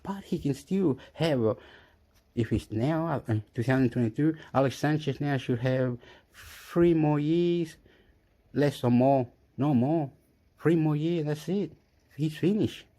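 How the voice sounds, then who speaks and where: A man from Chile, ranting in a rambling, excitable way as a vlogger who swears and laughs often, recorded on a phone. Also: fairly high pitch, measured pace. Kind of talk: casual rambling rant.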